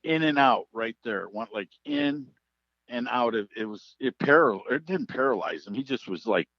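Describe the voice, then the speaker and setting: A middle-aged man from Wisconsin telling a hunting story in casual chat, animated and swearing, acting out what people said. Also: mid-range voice, normal speed, no room sound. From Wisconsin, United States. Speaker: podcast host. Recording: slightly muffled, dry.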